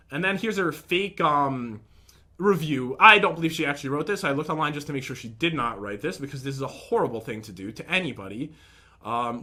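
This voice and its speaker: A man's voice: a little high, animated, fairly quick, sharp tone. A young man in casual commentary, rambling and aggrieved as he reads out and picks apart messages from an ex. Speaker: vlogger.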